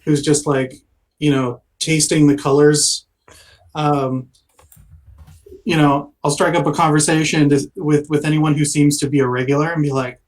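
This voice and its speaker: Halting man playing a tabletop game. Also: on the high side, flat delivery, rough recording. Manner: halting, with many fillers and laughs. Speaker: player. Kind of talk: in-character tabletop play.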